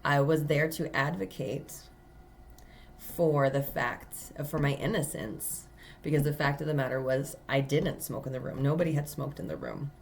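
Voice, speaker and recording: A woman's voice: deep voice, normal speed, creaky, a little hiss or hum. A woman who reads tarot, telling a personal story in an earnest, emphatic way, with many fillers and restarts. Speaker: tarot reader. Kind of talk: casual spiritual monologue.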